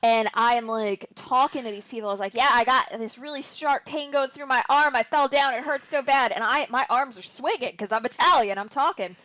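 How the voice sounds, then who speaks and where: A woman co-host in casual podcast chat, telling stories in a loud, playful way. Her voice sits a bit high, and the sound is dry and close. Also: fairly quick, hardly any pauses, no echo. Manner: expressive storyteller, loud and playful.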